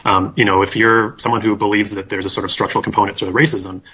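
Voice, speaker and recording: Fast-talking American professor on a dull line. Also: male voice, fairly low pitch, little pitch movement, pushed and bright, breathy edge. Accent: General American. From United States. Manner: rapid and thoughtful with hedging fillers. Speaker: history professor guest. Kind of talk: remote interview.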